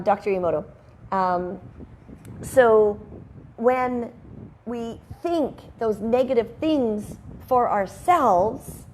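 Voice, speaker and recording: A woman's voice: a little high, darkish tone. Woman rambling thru a casual self-help talk at home, lots of asides, faint hiss behind. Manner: chatty, rambling, with sidebars and laughs. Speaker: host. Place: her home. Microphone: headphones and microphone at a video call setup.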